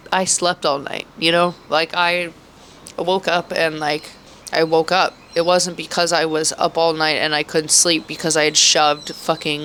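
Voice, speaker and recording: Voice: medium pitch, a bit bright, slight background noise. A thirty-year-old vlogger talking in a rambling, emotional way, full of swearing and fillers. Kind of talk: emotional personal vlog. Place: outdoors in Mexico, birds audible.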